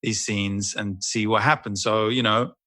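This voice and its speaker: Bright-voiced man chatting dryly. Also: fairly low pitch, unhurried, no echo. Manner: relaxed, rambling, self-deprecating. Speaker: actor guest. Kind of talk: casual interview chat.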